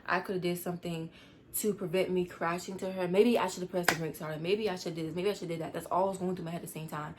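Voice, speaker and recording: A teenage girl telling a storytime vlog, rushed and rambling as she tries to calm down. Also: fairly low pitch, background noise. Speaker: vlogger.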